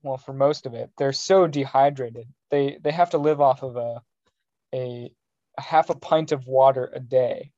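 A man's voice: mid-range voice, normal speed, mellow, no echo, highs cut off. A young man co-hosting a podcast in casual chat, joking and rambling with restarts. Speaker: podcast co-host.

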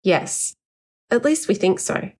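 A woman reading the lines of a young man, a calm and patient friend, in a steady, reassuring way. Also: mid-range voice, slow. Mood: matter-of-fact.

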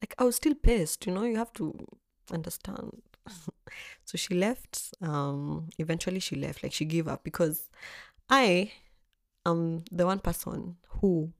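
A young adult woman tells a personal story in a vlog, animated and expressive, swearing freely. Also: lowish voice, unhurried, gravelly, no echo, clean studio sound. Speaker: vlogger. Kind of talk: storytelling chat.

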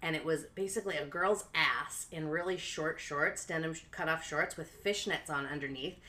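A woman casually telling a wild story on a podcast, animated and laughing, acting out quotes with a high voice and saying "like" a lot. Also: moderate pace. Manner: frequent "like" fillers. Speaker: podcast co-host.

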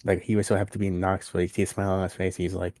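A man's voice: deep voice, monotone, racing, a little mellow, dry recording, clean studio sound. A man co-hosting a podcast, casually recapping a wrestling show at length and acting out what was said. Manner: recaps events at length, acting out quoted lines. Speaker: podcast co-host. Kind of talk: casual wrestling review chat.

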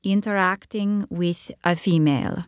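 A young woman testifying as a witness in court, answering in a halting, hesitant way. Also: fairly low pitch, fairly even intonation, clear, resonant tone, no echo, studio quality. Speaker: trial witness.

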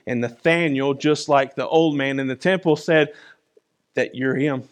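A man preaches in a lively way that often turns to the listeners, with a voice a bit higher than most men. He moves from strong, driving lines to near-quiet ones and keeps asking "right?" as he goes. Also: a little slow. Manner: emphatic, swings between loud and soft; conversational, often asks "right?". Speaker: pastor. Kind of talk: sermon.

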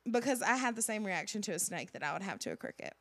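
A young woman co-hosting a podcast, telling stories in casual chat with lots of "like" and excited bursts. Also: medium pitch, fast, no echo. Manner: animated storyteller, lots of "like". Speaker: podcast co-host.

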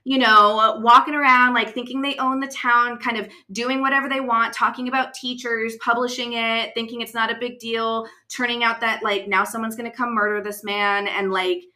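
A West Coast woman co-hosts a podcast, chatting casually and animatedly retelling events with plenty of fillers. Her voice is on the high side at normal speed, with hardly any pauses.

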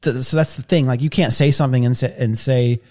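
A man's voice: mid-range voice, fairly even intonation, quick pace, dark tone. A man co-hosting a casual podcast chat, rambling with lots of fillers and restarts as he talks about work in the construction trades. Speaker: podcast co-host.

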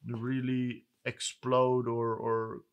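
A man co-hosting a podcast, talking calmly and reflectively and giving advice straight to listeners. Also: mid-range voice, extremely slow, clear, resonant tone, lo-fi sound. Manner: calm, reflective, advising listeners. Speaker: podcast co-host. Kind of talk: casual podcast chat.

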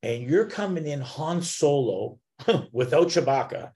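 A man hosting an interview, telling a story in a lively, animated way with many restarts. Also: a little high, measured pace. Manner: animated storyteller, lots of repeated starts. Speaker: podcast host.

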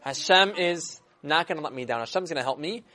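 A devout diamond dealer talking earnestly and hopefully, as a storyteller puts him on. The voice stays close to the teller's own, with lively rises and falls. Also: mid-range voice, brisk.

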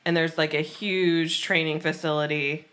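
Podcast guest, woman from Oklahoma, low and bright, easygoing and self-deprecating. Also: normal speed. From Oklahoma, USA. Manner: relaxed, self-deprecating, with frequent ums. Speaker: podcast guest, bakery co-owner and pastry baker. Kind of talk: casual chat.

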